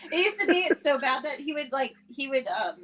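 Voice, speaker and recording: A woman's voice: high voice, lively intonation, fairly quick, a bit bright, faint music behind. A woman on a casual podcast, chiming in with a story about her family. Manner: chatty, chiming in with family anecdotes. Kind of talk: casual chat.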